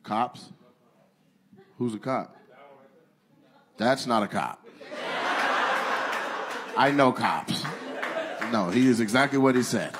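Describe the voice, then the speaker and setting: A man doing stand-up crowd work on stage, loudly teasing people in the audience and laughing as he goes. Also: medium pitch, lively intonation, takes it slowly, long pauses, background noise. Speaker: stand-up comedian. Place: large theater on stage. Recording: live theater with loud crowd.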